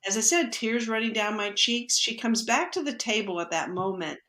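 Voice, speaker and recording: A woman's voice: on the high side, normal speed. Storytelling woman in an echoey room. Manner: lively storyteller who acts out quoted dialogue. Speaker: podcast guest, energy healer. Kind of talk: personal storytelling in conversation.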